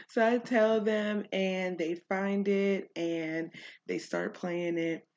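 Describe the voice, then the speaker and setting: A woman's voice: medium pitch, fairly even intonation, slow pace, a little mellow. A woman podcast host, telling a story in a chatty way, laughing often and using many fillers. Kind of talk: casual storytelling monologue.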